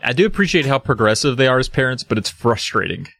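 A man's voice: medium pitch, animated, quick pace, a bit bright. A man co-hosting a casual comedic podcast, reading book excerpts dramatically and cutting in with sarcastic, swearing asides. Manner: sardonic, swears, reads dramatically. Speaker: podcast co-host.

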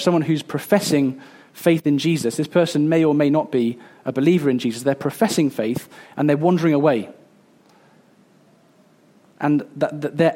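Earnest male pastor with a mellow voice. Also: a little high. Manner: earnest, halting with fillers and restarts. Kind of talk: sermon.

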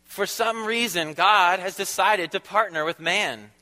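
A man's voice: sits high, a little slow, sharp tone. A male preacher giving a conversational sermon in a church. He laughs often and asks the congregation questions. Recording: long reverb of a large hall.

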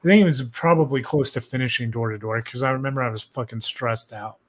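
A man's voice: mid-range voice, quick pace. Young male podcast host, casual and profane, loose rambling delivery. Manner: profane, laid-back, rambling with many "like"s.

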